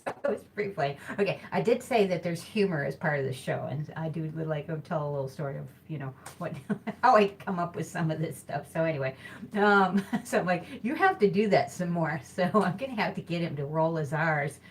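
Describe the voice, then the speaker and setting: A woman's voice: deep voice, expressive, brisk. A woman with a Midwestern accent hosting a live-streamed hula hooping show, talking in a chatty, rambling way and often correcting herself. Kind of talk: casual live-stream chat.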